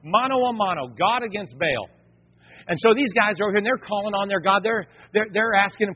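Husky-voiced pastor preaching in a hall. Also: male voice, sits high, brisk. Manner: lively preaching with casual slang and acted-out quotes. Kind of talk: sermon. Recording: reverberant, dull lo-fi sound.

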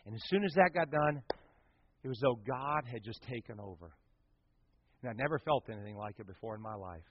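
A middle-aged man preaching a personal story as a sermon, swinging from loud bursts to hushed, near-whispered lines. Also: mid-range voice, lively intonation, a little fast, a little hiss or hum. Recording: dull dry sound.

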